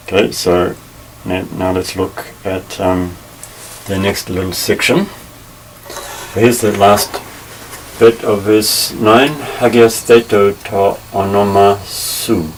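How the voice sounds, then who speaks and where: Deep voiced guy doing a slow careful bible lesson, bit far from the mic, faint hum behind. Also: fairly even intonation. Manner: measured, careful, with many pauses and fillers. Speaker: Bible teacher. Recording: slightly distant mic with faint ambient noise.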